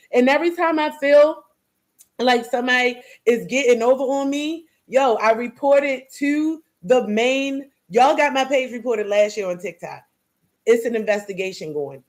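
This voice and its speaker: A grieving mother talking straight to camera in a heated, blunt, profane rant, often repeating herself. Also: fairly high pitch.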